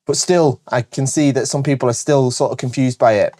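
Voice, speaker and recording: Fast-talking Northern English man. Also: mid-range voice, mellow. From Britain. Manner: fast, chatty and enthusiastic, with frequent self-corrections. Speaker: host. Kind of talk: casual video monologue answering viewer questions.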